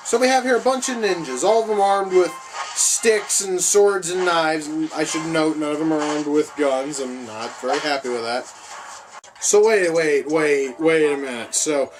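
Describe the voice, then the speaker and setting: A man reviewing movies in a profane, sarcastic rant, swinging from mutters to high-pitched outbursts of disbelief. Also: poor audio. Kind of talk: profane reaction commentary.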